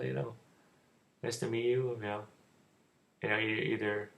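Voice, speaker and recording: A man's voice: mid-range voice, normal speed, vocal fry. A young man with a stutter, rambling casually as he gives dating advice in a vlog. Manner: rambling, stuttering, loose and informal. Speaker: vlogger giving dating advice.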